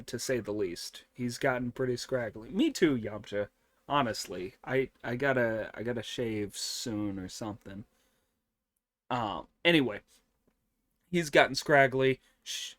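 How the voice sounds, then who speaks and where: A man recaps a cartoon episode at a slow, unhurried pace, rambling through fillers and casual swearing. His voice sits at a mid pitch and sounds dry and close, with little room echo. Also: a bit bright. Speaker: host of an anime review show.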